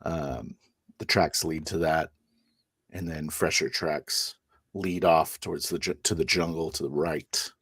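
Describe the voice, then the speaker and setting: Slow deep-voiced man as game master. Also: fairly even intonation, fairly bright tone, slightly rough, no room sound, clean studio sound. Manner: halting, many fillers and restarts. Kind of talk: narrating a tabletop game.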